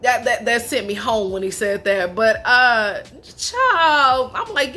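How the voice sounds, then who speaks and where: A young woman reviewing a reality show in a casual, animated chat, full of slang and laughter. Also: fairly high pitch, slow, hardly any pauses, soft background music. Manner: chatty and animated, laughs often, slangy asides.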